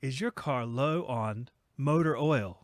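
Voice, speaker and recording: A man's voice: medium pitch, slow, dry recording, studio quality, lightly acted. Man mimicking a clueless customer-service chatbot. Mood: robotic. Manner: flat, canned replies. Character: dim, scripted male customer-service chatbot.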